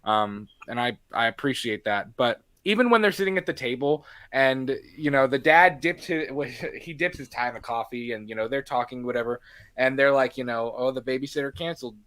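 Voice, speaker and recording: A man's voice: medium pitch, moderate pace, a bit bright. A man co-hosting a casual movie podcast, talking animatedly and acting out lines from the film in little voices. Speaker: podcast co-host.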